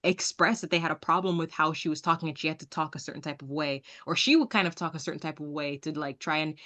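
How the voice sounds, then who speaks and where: A woman from Jamaica with an American accent, hosting a casual interview and talking in an emphatic, animated way. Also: low voice, fast. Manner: emphatic, animated, laughs often. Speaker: podcast host.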